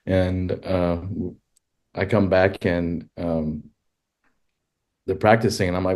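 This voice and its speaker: A man who is a podcast guest, telling stories casually and animatedly, leaping up in pitch when he quotes himself. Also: fairly even intonation, unhurried, a little mellow. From California. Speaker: guest, rodeo filmmaker. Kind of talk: casual storytelling.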